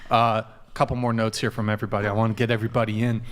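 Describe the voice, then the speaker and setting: A man's voice: on the low side, flat delivery, rapid-fire. A man hosting a podcast panel, moderating loosely and reading from notes, tripping over words and swearing casually.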